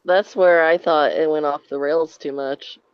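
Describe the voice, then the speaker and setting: A woman's voice: low-pitched, fairly even intonation, a little slow, smooth, no room sound, lo-fi sound. A woman chatting on a podcast, candid and wry, laughing at herself. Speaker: podcast co-host. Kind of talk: casual podcast chat.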